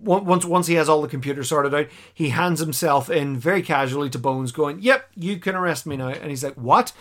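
A man casually recapping a TV episode on a podcast, animated and quick to act out the characters' lines. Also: a little high. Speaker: podcast co-host.

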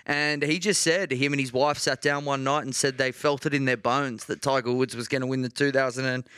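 A man's voice: mid-range voice, steady tone, brisk, fairly bright tone, clear, resonant tone, dry recording. A man co-hosting a podcast, telling a sports story in casual chat with frequent laughs. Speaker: podcast co-host.

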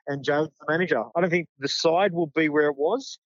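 A man's voice: on the high side, brisk, no room sound, lo-fi sound. A middle-aged Australian man, a junior football coach, talking sincerely in a casual interview. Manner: sincere, heartfelt.

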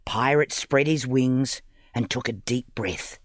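A man narrating a children's audiobook story in an expressive, playful reading. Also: medium pitch, slow pace, dry recording, studio quality.

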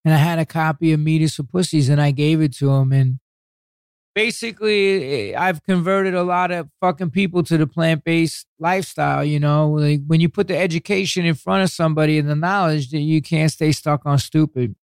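A man's voice: a little high, fairly quick, clean tone, dry recording, clean studio sound. An older man telling stories as a podcast guest, swearing constantly and acting out what people said. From New York City. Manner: profane, animated, acts out quotes. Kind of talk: casual interview storytelling.

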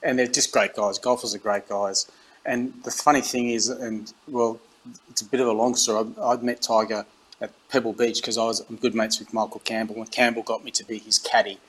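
Slightly fast and with a breathy edge to his fairly low voice, a middle-aged Australian man who once captained a rugby side shares animated anecdotes in a relaxed interview. He performs the dialogue he quotes and frequently starts over, on a low-quality recording.

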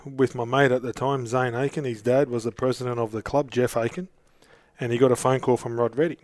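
Here the same kind of guest, a middle-aged Australian man, rambles through casual stories with lots of false starts. His medium-pitched voice stays fairly even and moves fairly quickly over a dry recording.

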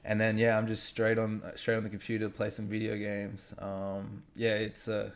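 A young Australian man in his twenties, with a slightly faded accent, answering interview questions in a relaxed, halting way full of fillers. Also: on the low side. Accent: Australian, somewhat faded. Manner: laid-back, halting, many fillers. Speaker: guest athlete. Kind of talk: casual remote interview.

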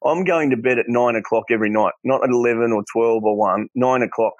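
An Australian man in middle age talks openly as an interview guest. His pitch sits in an ordinary middle range, and he tells his stories with animated earnestness, slipping into the voices of the people he quotes. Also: fairly quick, no room sound, muffled recording. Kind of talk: candid storytelling interview.

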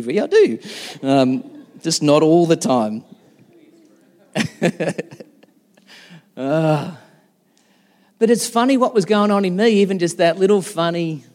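Middle-aged pastor, conversational preaching, lighter voice ringing in a reverberant church. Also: male voice, a little high. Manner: chatty, self-deprecating storyteller. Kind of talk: sermon.

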